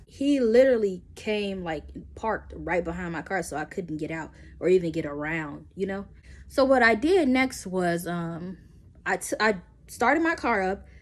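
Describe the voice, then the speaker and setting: Young woman doing a storytime, acts out the dialogue, pitch jumps all over. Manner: animated, acts out both sides of the story. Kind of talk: casual storytime.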